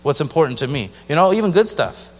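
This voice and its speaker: A man's voice: on the high side, very animated, quick pace. A male missionary giving a personal testimony in a casual, storytelling way, now and then acting out other people's voices. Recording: long reverb of a large hall.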